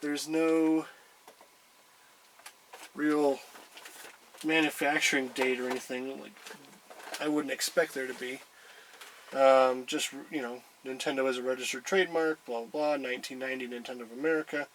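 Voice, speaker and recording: A man's voice: mid-range voice, fairly even intonation, moderate pace, long pauses, a little hiss or hum, low-quality recording. A man casually showing a collectible item, rambling with many hesitations. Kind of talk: casual chat.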